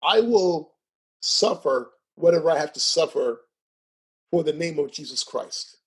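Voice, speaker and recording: Husky man telling stories with laughs. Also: fairly high pitch, animated, unhurried. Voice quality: stutters at times. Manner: laughs often, tags sentences with "right?". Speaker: podcast guest. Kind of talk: casual storytelling chat.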